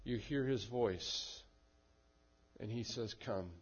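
A man preaching a sermon and leading a prayer, with slow, measured delivery and repeated refrains. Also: mid-range voice, highs cut off. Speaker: pastor.

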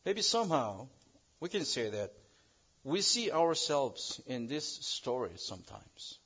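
Halting male preacher, dull lo-fi sound. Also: big pitch swings, fairly bright tone, breathy edge. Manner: halting, restarts phrases, rises in pitch and volume on key words. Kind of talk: sermon with an illustrative story. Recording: dull lo-fi recording.

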